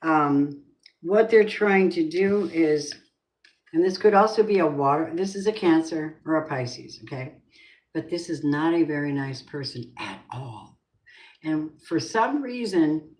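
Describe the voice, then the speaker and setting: A woman's voice: deep voice, animated, a little slow, darkish tone. A woman giving a tarot reading, musing and asking the cards and spirit questions aloud. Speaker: tarot reader. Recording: roomy echo.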